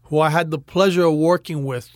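A man with a Cuban American accent, an actor telling stories in a casual interview, animated and often restarting his words. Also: a little high, fairly quick.

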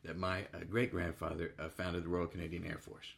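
A man hosting a podcast interview, teasing his guest in a dry, deadpan way. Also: sits low, fairly quick, vocal fry, a little hiss or hum. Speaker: podcast host. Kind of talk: casual interview chat.

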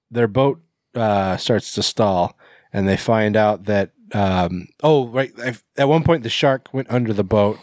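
A man's voice: lowish voice, no echo, clean studio sound. A man casually recapping a movie on a podcast, rambling with fillers and self-corrections. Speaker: podcast co-host.

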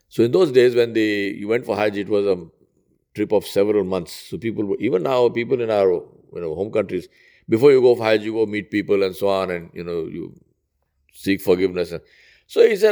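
A man preaching in a conversational storytelling way, retelling an old tale with lively quoted dialogue. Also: brisk. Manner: conversational, rising high when quoting characters. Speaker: Islamic preacher. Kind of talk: storytelling sermon.

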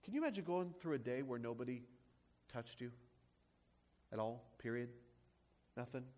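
A man's voice: mid-range voice, animated, moderate pace, a little mellow. A man preaching a sermon as a pastor, praying and then teaching with rhetorical questions and emphatic repetition.

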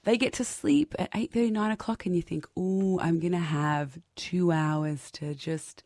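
A woman's voice: lowish voice, normal speed, darkish tone, no room sound, studio quality. A woman in her thirties hosting a podcast, chatting casually, laughing often and restarting her sentences. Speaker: podcast host. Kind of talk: casual conversational interview.

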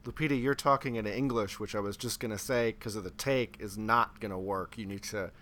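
A man playing a tabletop role-play game, bantering with quick, playful jokes. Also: on the low side, steady tone, sharp tone. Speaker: player.

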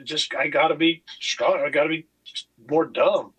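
A man from California, a former motocross racer, telling racing stories in a casual podcast chat, animated and swearing freely. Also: a little high, normal speed, slightly rough, poor audio. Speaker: guest, retired motocross racer.

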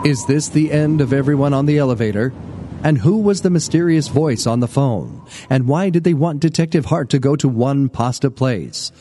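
A man giving wry, measured scripted narration for an audio drama. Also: medium pitch, warm tone, slight background noise.

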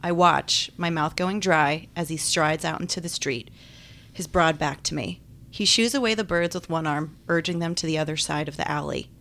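A woman's voice: low-pitched, normal speed, a bit bright. A woman giving wry, chatty first-person audiobook narration. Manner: wry, chatty, self-deprecating.

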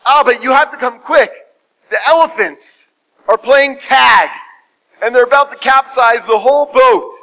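A man putting on an urgent, excited young son bursting in with alarm. The voice jumps high and bright and loud. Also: unhurried, exaggerated voice, low-quality recording.

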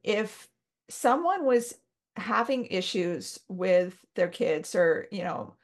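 A woman's voice: mid-range voice, expressive, takes it slowly. A woman hosting a podcast, chatting casually and affirming her guest before asking her next question. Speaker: podcast host.

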